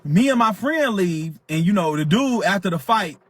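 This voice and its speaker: A man with a high, husky voice hosts a livestream and retells a brawl in loose, profane street talk. He acts the story out as he goes, throwing in sound effects and quick asides. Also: animated. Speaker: livestream host.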